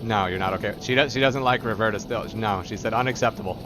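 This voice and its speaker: A man's voice: lowish voice, fast talker, background noise. Laughing, teasing male game streamer. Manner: playful teasing, laughs often; relays companion's replies aloud. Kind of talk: live game stream chat.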